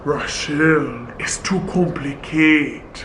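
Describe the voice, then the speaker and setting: A woman voicing a young, evasive French man, speaking low and hesitant in a put-on French accent. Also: drawn-out words, fairly bright tone, slight background noise, exaggerated voice, poor audio.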